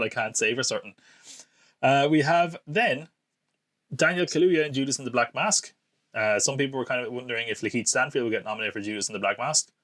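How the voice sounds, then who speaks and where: A man's voice: medium pitch, a bit bright. A young man hosting a solo podcast, chatting in an opinionated, rambling way and laughing often. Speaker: podcast host. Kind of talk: casual solo podcast commentary.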